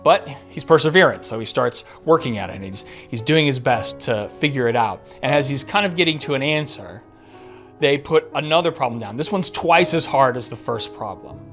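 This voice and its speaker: A man hosting a podcast, telling a story in an earnest way with suspenseful pauses. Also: mid-range voice, expressive. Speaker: podcast host. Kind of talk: storytelling narration. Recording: faint guitar music behind. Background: soft guitar music.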